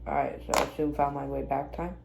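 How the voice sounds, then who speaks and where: A woman's voice: rumbling low, level tone, brisk. A woman casually reacting to her own songs, blunt, self-critical and swearing freely. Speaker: musician reacting to own album. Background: own music playing clearly.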